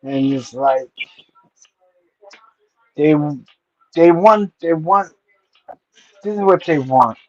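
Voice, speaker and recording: A man's voice: on the high side, expressive, slow, pauses often, darkish tone, no room sound. Hesitant man with a dull, lo-fi sound. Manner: hesitant, searches for words. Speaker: streamer co-host. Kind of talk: casual chat.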